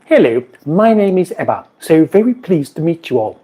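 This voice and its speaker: A man's voice: fairly high pitch, big pitch swings, normal speed, dark tone, pitched above the performer's own voice. A man putting on a prim, dainty lady. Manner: dainty, overly formal greeting.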